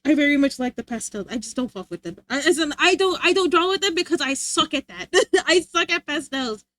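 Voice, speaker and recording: A woman's voice: high voice, expressive, fairly quick, a bit bright, no room sound. A young adult woman livestreamer chatting casually, rambling and giggling as she reads chat aloud. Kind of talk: casual live-stream chat.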